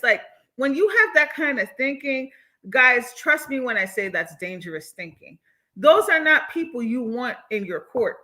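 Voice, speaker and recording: Reading out her chat and reacting to it, a young livestream host gives lively, blunt commentary, laughing a lot and cursing along the way. Her voice is a little high.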